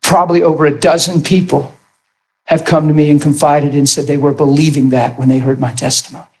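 A man preaching a sermon and telling his testimony in an animated storytelling manner, bursting into shouts at times. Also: a little high, a little fast.

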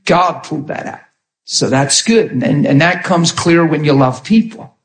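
A man preaching with a slightly high voice, animated and storytelling, often dropping to a soft hush when acting out what others said. The sound is roomy and echoey. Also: normal speed. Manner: animated, acts out quoted voices softly. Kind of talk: sermon storytelling. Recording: echoey room.

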